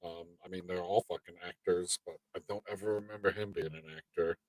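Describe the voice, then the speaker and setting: A man's voice: low voice, a little fast, no echo, poor audio. A man co-hosting a casual live-stream chat, rambling and swearing freely as he talks. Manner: profane, animated rambling. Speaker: podcast co-host.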